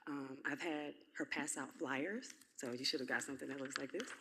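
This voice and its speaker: A woman's voice: very deep voice, fairly quick, pushed and bright, a little hiss or hum. A woman speaking at a public comment podium, earnest and heartfelt, with frequent "um"s.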